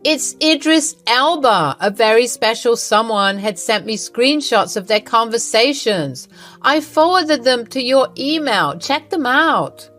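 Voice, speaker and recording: A woman's voice: on the high side, expressive, a little slow, a bit bright, soft background music. A woman voicing a scheming, smug older mother-in-law who gloats and accuses in a narrated drama story. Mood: gloating.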